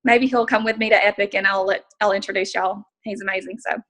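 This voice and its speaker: A woman excitedly telling a story on a group call, acting out her own inner dialogue. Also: mid-range voice, quick pace, low-quality recording. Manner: excited, storytelling with many quoted asides. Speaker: team member sharing a success story. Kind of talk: casual call testimony.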